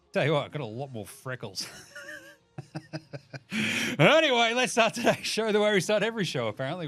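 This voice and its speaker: Sweary Australian man, lively rambling. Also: on the high side. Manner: sweary, rambling, jokey, acts out quotes in silly voices. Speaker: podcast host. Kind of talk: casual sports chat.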